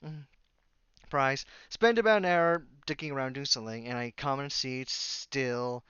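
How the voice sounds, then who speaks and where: A man's voice: medium pitch, animated, a little slow, fairly bright tone, smooth, no room sound, dull audio. A man telling a rambling story in a casual vlog, sarcastic and exasperated as he goes. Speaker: YouTuber.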